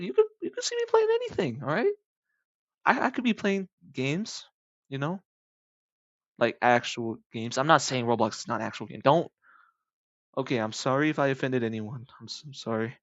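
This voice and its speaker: A man's voice: mid-range voice, dry recording, dull audio. A young man in his late teens rambling casually over gameplay, joking and correcting himself as he goes. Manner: jokey, rambling, self-correcting asides. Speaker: gaming video maker.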